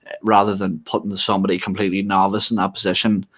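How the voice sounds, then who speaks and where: A man's voice: low-pitched, flat delivery, fast talker, fairly bright tone. A man co-hosting a football podcast in casual chat, blunt and opinionated, swearing now and then. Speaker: podcast co-host.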